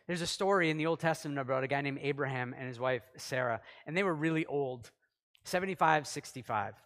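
A man preaching a sermon in a conversational way, acting out quotes and swinging between loud and soft. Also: medium pitch, quick pace. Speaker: pastor. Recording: long hall reverb.

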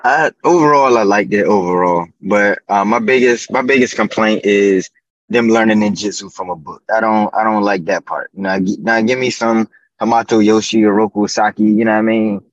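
Low-voiced laid-back man, lo-fi podcast. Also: moderate pace, dry recording. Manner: laid-back slangy talk, keeps saying "you know what I'm saying". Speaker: podcast guest. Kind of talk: casual fan chat. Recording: dull, dry lo-fi sound.

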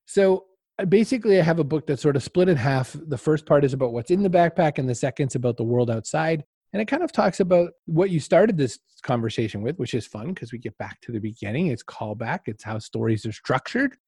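Male interview guest, lively anecdotal delivery, slightly high mellow voice, dry close sound. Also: fairly quick, husky, no echo. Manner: animated anecdotes, acts out quotes, laughs often. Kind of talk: casual storytelling in an interview.

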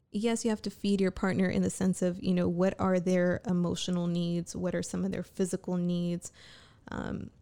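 A woman vlogging in a loose, late-night ramble. Her voice is mellow and dark with a gravelly fry running through it. She talks frankly, swears often and keeps restarting her sentences as she thinks aloud. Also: fairly low pitch. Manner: candid, profane, rambling with frequent restarts.

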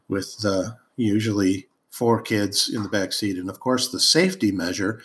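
A man's voice: on the low side, fairly even intonation, moderate pace. A man hosting a podcast, telling a childhood story in a rambling, amused way with many ums and uhs. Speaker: podcast host. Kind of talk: casual storytelling monologue.

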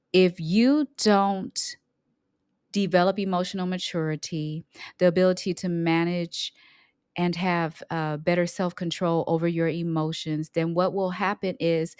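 A middle-aged woman, an emotional intelligence coach, talking on her own podcast, unhurried, repeating her points for emphasis. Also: on the low side, darkish tone, smooth, dry recording, clean studio sound. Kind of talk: solo podcast talk.

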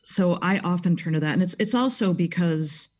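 A woman talks in a reflective, thoughtful manner as a guest in a relaxed interview. Her voice sits at an ordinary pitch, and the sound comes across a bit muffled and dull. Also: normal speed. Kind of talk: casual interview talk.

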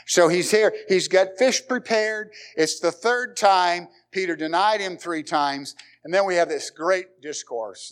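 A male pastor preaching a sermon in a fairly high voice. He speaks emphatically, repeats key words and throws rhetorical questions at his listeners.

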